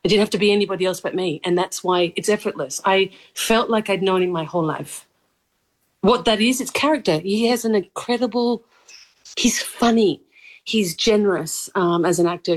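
A woman in her thirties with a mild Australian accent, an actress talking eagerly in an interview and laughing often. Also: lowish voice. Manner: bubbly, laughs often, gushing. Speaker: actress guest. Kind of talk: animated interview chat.

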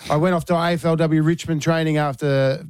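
An Australian man hosting a radio show, slightly higher than most men and with a dry, close studio sound. He tells his stories with energy and acts out everyone's lines. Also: brisk, clean tone, no room sound. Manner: animated storyteller acting out quotes. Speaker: radio host and ex-footballer. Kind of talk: radio show banter and storytelling.

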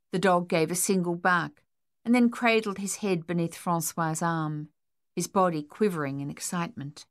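A woman narrating a novel in a measured, steady way. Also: fairly low pitch, no room sound, clean studio sound. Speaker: audiobook narrator. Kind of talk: scripted narration.

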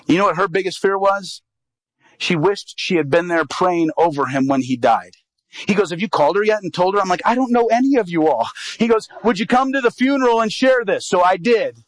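A man's voice: high voice, expressive, a little fast, no room sound, low-quality recording. A man in his thirties, an evangelist, preaching through a personal story and acting out the quoted dialogue. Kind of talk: sermon storytelling.

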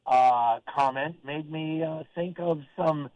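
An older man from Oregon calling into a sports talk show, rambling in a halting, friendly way with lots of fillers and restarts. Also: a little high, a little mellow, no echo, rough recording. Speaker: caller. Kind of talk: casual call-in chat.

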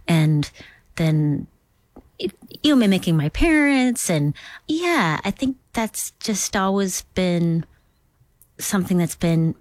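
A woman's voice: fairly low pitch, very animated, a little slow, darkish tone, no echo. A woman comedian from Minnesota, talking casually in an interview with rambling, self-deprecating asides. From Duluth, Minnesota. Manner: rambling, self-deprecating, slips into character voices. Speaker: comedian guest.

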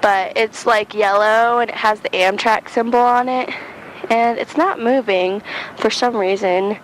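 Young woman, chatty and rambling, recorded outside near the tracks, higher voice, loud train noise behind. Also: steady tone, measured pace, poor audio. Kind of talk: casual vlog. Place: outdoors by railroad tracks in hot sun.

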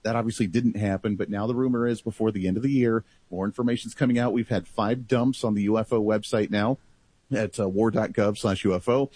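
A man talking in a casual political talk show, animated and rambling in long stretches. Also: on the low side, a little fast, slightly rough, no echo.

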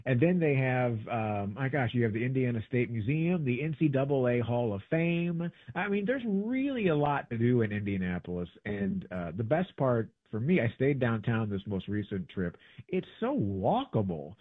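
Animated rambling man on a tinny line. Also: mid-range voice, normal speed, slightly rough, no room sound. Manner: rambling, animated, many fillers and restarts. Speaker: podcast co-host. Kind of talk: casual travel chat. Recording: dry, tinny phone-like sound.

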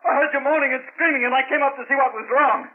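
A frantic, shouting stepfather. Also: very high voice, racing. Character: agitated, defensive stepfather accused of murder. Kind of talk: 1940s radio acting. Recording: tinny old radio broadcast.

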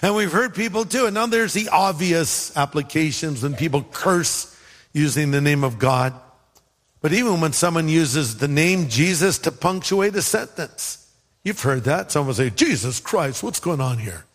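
This sermon comes from a pastor whose voice sits a little high and who keeps a moderate pace. Animated and playful, he narrates a story, imitates the people he quotes, and slips in humorous remarks, all carried by a hall's long reverb.

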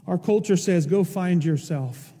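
A man with a high, mellow voice preaches a sermon, pressing his points with impassioned emphasis. His words ring out with a long reverb in a church hall. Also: measured pace, husky. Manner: impassioned, rising to emphatic peaks. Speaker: pastor.

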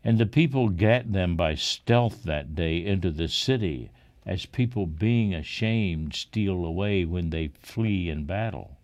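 Deep, slow solemn man reading scripture. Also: expressive, a little mellow. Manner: solemn, measured. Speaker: reader.

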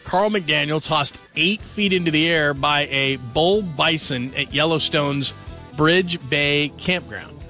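A male late-night sports radio host talks in a loose, joking, rambling way at a studio mic. His voice sits a little high, sounds bright and forward, and has a gravelly edge. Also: slow pace, faint music behind. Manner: chatty, rambling, jokey. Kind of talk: casual radio talk. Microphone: studio microphone.

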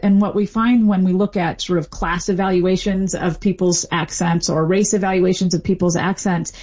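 A woman's voice: mid-range voice, a little mellow. Woman professor guest, middle-aged, fluent explainer, friendly laughs, small restarts. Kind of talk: expert radio interview.

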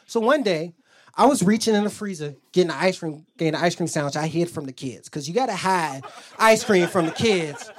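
A man's voice: high voice, animated, brisk. A man doing a stand-up set, telling loose stories and acting out both sides of his arguments on a club stage. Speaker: stand-up comedian.

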